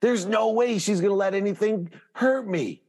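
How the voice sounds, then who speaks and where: A man guest on a podcast, telling a personal story in an animated, emphatic way. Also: high voice, normal speed. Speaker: guest, motivational speaker.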